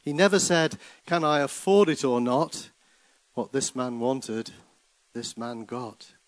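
A grave prophet spins a cautionary tale, read by a man in a poem. His delivery is measured and deliberate, in a dry close voice. It carries quiet sternness. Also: mid-range voice, expressive, no room sound, rough recording. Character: grave older male prophet, stern and sorrowful.

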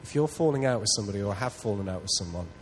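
A lowish male voice races through a personal story in a sermon, earnest and self-deprecating, climbing toward loud excitement. Slight background noise runs under the rough recording.

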